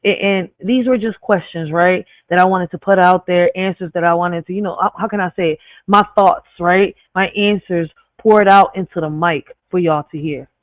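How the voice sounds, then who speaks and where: A man's voice: high voice, fairly even intonation, normal speed, few pauses, no echo. A man hosting a live stream, reading reflective poetry and asking rhetorical questions, often tagging his points with "right?". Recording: dry tinny phone-like sound.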